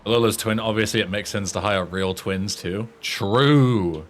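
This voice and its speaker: A man's voice: lowish voice, unhurried, few pauses, a little hiss or hum. A young English man streaming a game, chatting casually, joking and swearing. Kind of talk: casual gameplay commentary.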